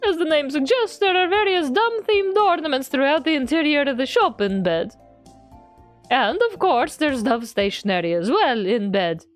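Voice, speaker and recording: A woman's voice: sits high, lively intonation, moderate pace, faint music behind. A woman streamer reading game text aloud in a playful way with running jokes. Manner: playful, adds a running joke to every line.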